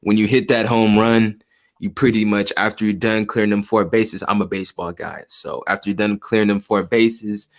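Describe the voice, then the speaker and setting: Man, casual host, low voice, rambling, swears freely. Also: steady tone, normal speed. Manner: rambling, uses sports comparisons, swears casually. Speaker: host, real estate investor. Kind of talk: casual chat.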